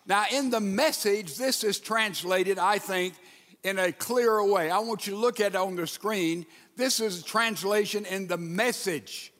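A man preaches from the pulpit, talking his congregation through scripture and prayer. His voice sits high and moves at an unhurried, deliberate pace. The sound rings with the long reverb of a large sanctuary. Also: fairly bright tone. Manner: leads congregation in reading and prayer. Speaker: pastor. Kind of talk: sermon. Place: church sanctuary.

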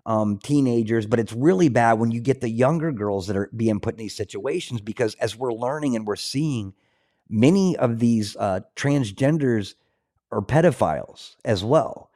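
A man's voice: medium pitch, lively intonation, normal speed, warm tone. A man hosting a talk show, speaking earnestly with frequent restarts and fillers.

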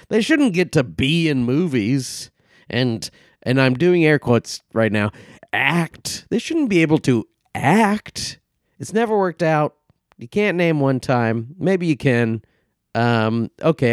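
A man's voice: medium pitch, no room sound, clean studio sound. A man co-hosting a comedy movie podcast, rambling through a casual review with lots of ums and profane outbursts. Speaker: podcast co-host.

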